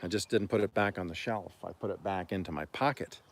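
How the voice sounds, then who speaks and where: A man from Oklahoma hosting a homestead livestream, telling stories in a rambling, folksy way and often clearing his throat. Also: deep voice, a little fast. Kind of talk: casual storytelling on a livestream.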